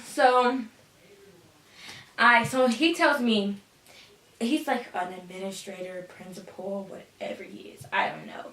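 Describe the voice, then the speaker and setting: A woman's voice: mid-range voice, steady tone, unhurried, long pauses, fairly bright tone, distant mic. Sassy teen girl telling a story. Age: teens. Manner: sassy, dramatic, says "honey". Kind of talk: casual storytime vlog. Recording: echoey room, voice a bit off-mic.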